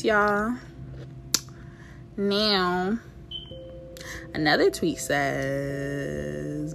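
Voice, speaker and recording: A woman's voice: lowish voice, extremely slow, creaky, pauses often, fairly bright tone, faint music behind. A young woman, hosting a show and ranting bluntly and animatedly in slangy casual talk. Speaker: show host. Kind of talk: casual rant to viewers.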